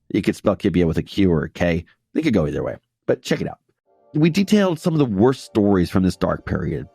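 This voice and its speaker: A man's voice: lowish voice, creaky, darkish tone, dry recording, clean studio sound. A man hosting a history podcast, narrating a script with casual asides and repeating phrases for emphasis.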